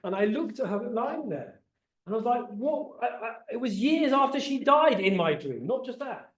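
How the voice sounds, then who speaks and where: A middle-aged man teaches a Torah class, his voice pitched high and swinging widely as he questions his listeners. He repeats words when he gets going. The room rings with echo. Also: moderate pace. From England. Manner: animated, asks the audience questions, repeats words when excited. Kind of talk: lively teaching talk to a group. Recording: roomy echo.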